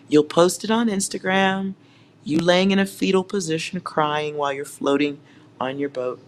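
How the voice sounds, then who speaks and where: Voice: mid-range voice, a little slow, a little hiss or hum. A tarot reader giving a collective reading at home, speaking straight to viewers in a teasing, sarcastic way and laughing often.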